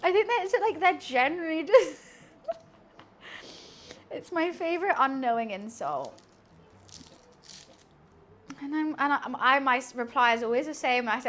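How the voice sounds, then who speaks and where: A woman's voice: sits high, animated, a little slow, pauses often, fairly bright tone. A young woman live streaming while she cooks in her kitchen, chatting to her viewers in a self-mocking way and laughing often. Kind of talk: casual chat to a live stream audience while cooking. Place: home kitchen.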